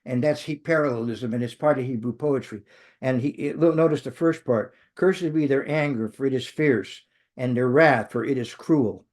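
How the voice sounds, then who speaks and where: A man's voice: medium pitch, moderate pace, darkish tone. A man teaching a Bible study who checks in with his listeners and often stumbles, restarts and corrects himself as he goes. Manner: many restarts and self-corrections, engaging; checks in with the audience.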